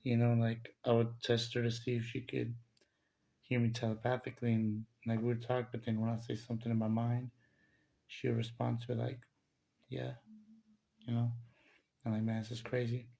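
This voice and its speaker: A man with a gravelly, creaky voice tells a spiritual testimony in a loose, casual way. He speaks in a flat, level tone, full of fillers and restarts. The delivery is rambling and conversational. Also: medium pitch, fairly quick.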